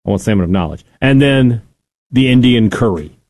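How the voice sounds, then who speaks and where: A man's voice: mid-range voice, lively intonation, normal speed, a little mellow. A man co-hosting a sports talk radio show, joking and playful in casual banter.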